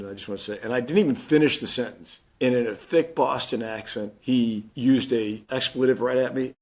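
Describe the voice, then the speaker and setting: Speaking a little fast with few pauses and a medium-pitched voice, this Missouri-born Marine Corps general in his fifties recounts his story plainly in an interview. He performs the lines of the dialogue he quotes.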